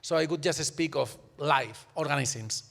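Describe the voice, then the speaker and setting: A fairly high-voiced man argues his point emphatically on a live symposium panel. He often stops to ask "right?" of the people around him. The sound rings with the long reverb of an auditorium. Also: measured pace, creaky, a bit bright. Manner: emphatic, keeps checking in with "right?". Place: university auditorium.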